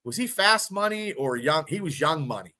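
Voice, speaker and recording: A man's voice: on the high side, animated, moderate pace, pushed and bright. A man in his fifties co-hosting a casual sports podcast, telling rambling, profane stories. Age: 50s. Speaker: podcast co-host.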